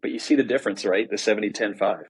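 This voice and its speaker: A man's voice: fairly low pitch, fast talker, husky, poor audio. A middle-aged man, a podcast guest, telling his story candidly and explaining ideas in a conversational way.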